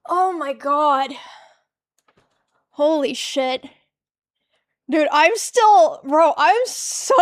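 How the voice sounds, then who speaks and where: High, unhurried woman streamer, dry sound. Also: no room sound. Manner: exasperated, swears freely, trails off. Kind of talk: casual reaction stream chat.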